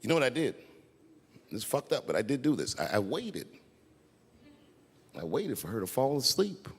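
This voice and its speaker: A man doing stand-up comedy on stage at a large live venue, telling stories in a laid-back way with sudden loud outbursts. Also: mid-range voice, big pitch swings, normal speed, husky. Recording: echoey arena with crowd noise.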